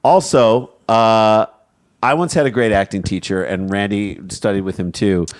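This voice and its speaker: A middle-aged man co-hosting a comedy podcast, bantering quickly and slipping into mock drunk voices. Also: lowish voice.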